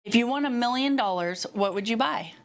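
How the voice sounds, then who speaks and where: A woman hosting a quick-fire interview, cheerful and giggly. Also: on the high side, expressive, slight background noise.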